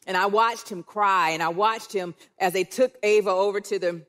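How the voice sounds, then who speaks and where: A grandmother speaking from a church stage, telling personal stories with animated quotes of family members. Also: mid-range voice, moderate pace. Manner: warm storytelling, animated quoting of others. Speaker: guest speaker, church care director. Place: church auditorium with live audience.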